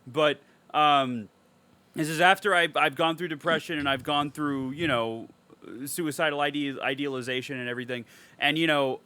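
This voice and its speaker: Bright-voiced excitable podcast guy. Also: on the high side, normal speed, smooth. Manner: animated, profane, emotional storytelling. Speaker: podcast co-host. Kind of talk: casual podcast chat.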